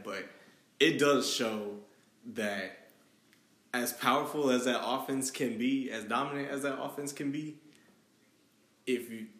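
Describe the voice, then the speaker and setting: A man's voice: mid-range voice, a bit bright. A man hosts a casual sports talk, chatty and steering the conversation forward. The room around him sounds echoey.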